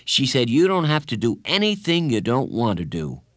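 A man voicing a gentle, earnest young schoolboy who speaks mildly and reasonably. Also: medium pitch, wildly swooping pitch, normal speed, dry recording, studio quality. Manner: mild, reasonable, soft-spoken.

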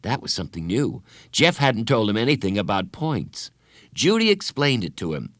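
Give me an expressive male storyteller for a children's book, lively and animated, with a very dry sound that keeps him close to the listener. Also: fairly low pitch, normal speed, dry recording. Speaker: narrator. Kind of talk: reading a children's story aloud.

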